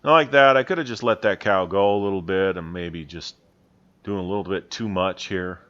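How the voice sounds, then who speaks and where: A man, a horse trainer, calmly talking over his riding footage, explaining in a plainspoken, self-critical way. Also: sits low, moderate pace, muffled recording.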